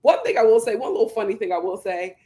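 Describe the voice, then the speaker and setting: A young adult woman hosting a solo commentary on a reality show, talking in an animated, indignant way and breaking into laughter. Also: fast talker. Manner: animated, indignant, laughs and jumps up in pitch when quoting herself. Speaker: commentary channel host.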